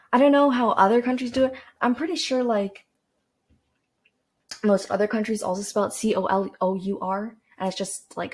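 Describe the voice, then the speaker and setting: A teenage girl from Canada, rambling casually to camera as a podcast host, with lots of fillers and restarts. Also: mid-range voice. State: dry throat.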